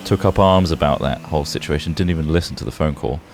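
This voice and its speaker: Young man, very low voice, measured gaming chat. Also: noisy background. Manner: measured, makes terse points. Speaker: gaming channel host. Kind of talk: casual chat while gaming.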